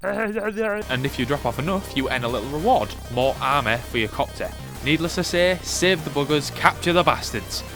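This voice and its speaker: A man's voice: fairly high pitch, animated, moderate pace, music in the background. A man doing a comedic voice-over review of an old game, sarcastic, sweary and mock-indignant.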